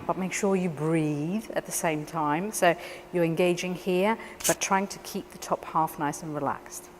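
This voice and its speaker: Woman, dance teacher, calm step-by-step instruction, counts beats aloud, long room reverb. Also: on the low side. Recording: distant voice in a long-reverb room with faint background noise.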